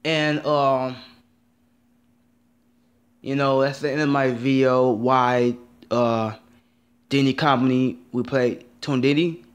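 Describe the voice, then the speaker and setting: A man's voice: mid-range voice, fairly even intonation, slow, pauses often. A man ranting in a vlog, upset and rambling, repeating himself and swearing often. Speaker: vlogger.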